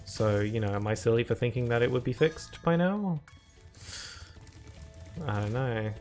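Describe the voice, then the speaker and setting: A man commentates his own live game stream in a relaxed, rambling way, chatting to viewers between moves. His voice sits at an ordinary middle pitch. Quiet game music runs softly behind him. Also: normal speed. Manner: chatty and rambling, talks to chat between laughs.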